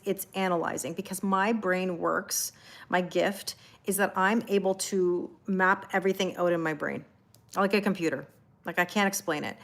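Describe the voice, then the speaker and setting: A woman doing a live-stream tarot reading, talking casually and rambling, greeting viewers by name with lots of fillers and self-corrections. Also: mid-range voice. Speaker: tarot reader.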